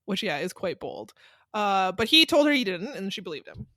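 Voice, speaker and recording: A woman's voice: mid-range voice, very animated, moderate pace, bright, forceful tone, no room sound. Female podcast co-host, casual recap voice, laughs easily, dry booth sound. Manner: laughs often, hedging asides. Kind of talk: casual chat recapping a mystery.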